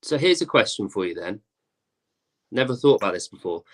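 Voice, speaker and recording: A man's voice: lowish voice, sing-song, brisk. Man asking playful questions. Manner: posing playful hypothetical questions. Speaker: podcast co-host. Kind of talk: casual chat.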